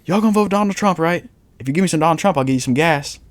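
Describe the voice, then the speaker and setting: A man's voice: on the high side, very fast, no room sound, pitched above the performer's own voice, natural voice. A man putting on a pushy male street hustler with a sing-song hawking call.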